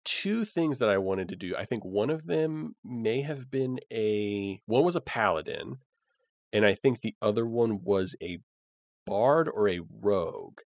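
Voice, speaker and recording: A man's voice: on the low side, expressive, a little slow, dry recording, studio quality. A young man talking casually about the character he plays in a tabletop game, rambling with plenty of fillers. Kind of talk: casual podcast chat.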